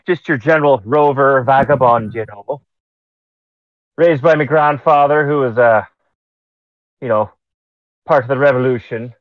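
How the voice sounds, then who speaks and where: Blunt Irish vagabond, played by a man in a tabletop game, Irish accent, offhand swearing, slightly high voice, dull dry mic. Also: no room sound, close to an everyday voice. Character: scruffy Irish male vagabond, wry and blunt.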